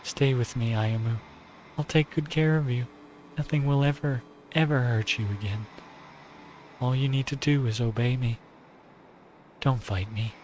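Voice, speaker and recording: A male streamer reading a visual novel aloud and voicing an obsessive, possessive young woman who talks to her partner in a softly adoring, controlling way. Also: medium pitch, fairly even intonation, unhurried, long pauses, slight background noise, natural voice, rough recording. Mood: possessive adoration.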